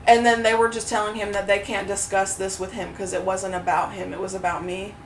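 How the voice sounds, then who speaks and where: A woman co-hosting a podcast, telling a story in a casual, animated way, swearing freely and acting out what others said. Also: mid-range voice, brisk. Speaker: podcast co-host. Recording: roomy echo, mic at a distance, faint noise.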